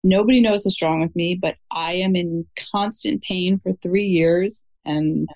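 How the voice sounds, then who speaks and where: Earnest woman caller, kinda low voice, talks in detail. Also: steady tone, unhurried, a little mellow, poor audio. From Syracuse, New York. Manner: earnest, describing in detail, nervous laughs. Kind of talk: call-in conversation.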